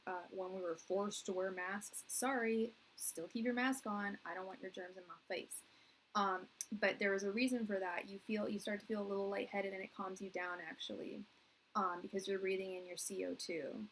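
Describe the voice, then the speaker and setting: A woman's voice: mid-range voice, a little hiss or hum, poor audio. Rambling woman in her thirties reading tarot. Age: 30s. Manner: rambling, earnest, heavy use of "like" and restarts. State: tearing up. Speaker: tarot reader. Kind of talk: live-stream tarot reading.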